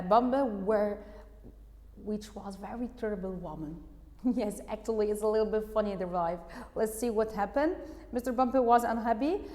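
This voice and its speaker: A woman's voice: a little high, darkish tone, in a large hall. A woman English teacher, reading a storybook aloud and patiently explaining words and asking the class questions.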